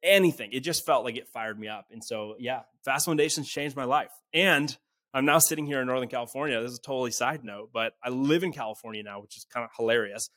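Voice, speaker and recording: A young man from small-town Canada tells his story as a podcast guest, with lively energy and casual fillers. His middle-pitched voice sounds close and dry, with no room around it. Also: quick pace, no room sound. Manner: lively, acts out quoted dialogue, casual fillers. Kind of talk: animated storytelling in conversation.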